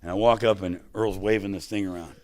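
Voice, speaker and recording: A man giving an emotional, animated personal testimony as a speaker at a recovery convention, on a podium mic. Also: deep voice, quick pace, no room sound. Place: convention hall stage.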